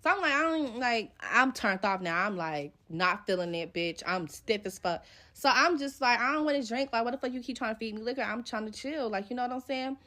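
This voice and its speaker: A young woman with a fairly high, bright, and forceful voice tells an animated story from her own life, speaking fairly quickly. She swears and uses slang casually, acting out the quoted dialogue along the way.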